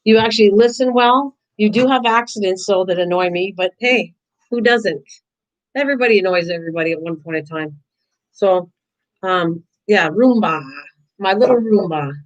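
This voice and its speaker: A woman's voice: medium pitch, normal speed, muffled recording. Rambling, chatty older woman. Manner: rambling and chatty, talks to viewers and her dog. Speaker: host of a live crafting stream. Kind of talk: casual live-stream chat while painting.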